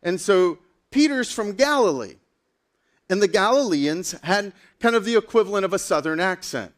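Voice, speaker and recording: A man preaching a sermon as a pastor, telling a story in a casual, animated way with lots of fillers. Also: sits high, normal speed.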